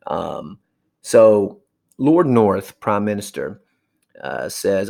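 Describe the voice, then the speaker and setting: A man's voice: on the low side, expressive, gravelly, darkish tone. A man giving a casual history lecture, chatting and briefly acting out historical figures. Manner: chatty, acts out historical figures in quick asides. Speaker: history teacher.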